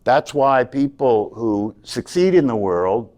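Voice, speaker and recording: A man's voice: mid-range voice, big pitch swings, slow, a little mellow. A man teaching a meditation class, talking earnestly and often checking in with "right?". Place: class room.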